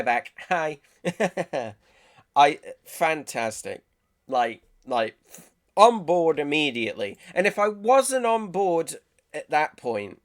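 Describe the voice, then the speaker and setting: A man at a middle pitch chats excitedly in his own reaction video. He gushes and swears freely, keeps laughing, and trips over restarted sentences. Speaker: YouTuber reacting to trailers. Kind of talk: casual reaction video chat.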